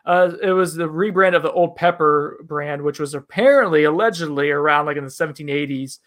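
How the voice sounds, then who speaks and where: Rambling man reviewing bourbon, slightly high voice. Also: fairly quick, fairly bright tone. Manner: rambling, self-deprecating, with frequent fillers. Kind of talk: casual chat.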